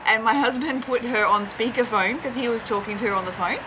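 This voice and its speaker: A woman's voice: a little high, a little fast, noisy background. Chatty Australian woman telling a story. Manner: chatty, many fillers and restarts, laughs often. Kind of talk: casual storytelling.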